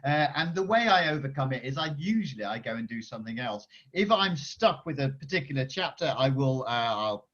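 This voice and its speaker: A male children's author answering schoolchildren's questions on a video call, chatty and energetic with many restarts. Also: mid-range voice, a little fast, hardly any pauses. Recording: dull lo-fi video call audio.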